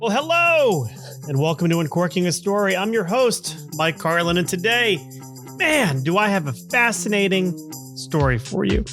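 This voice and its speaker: Chatty middle-aged guy hosting a podcast, kinda high voice, lots of uh's and little laughs. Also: very animated, normal speed, over music. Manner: chatty, chuckles often, filler-heavy. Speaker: podcast host. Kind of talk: casual storytelling monologue.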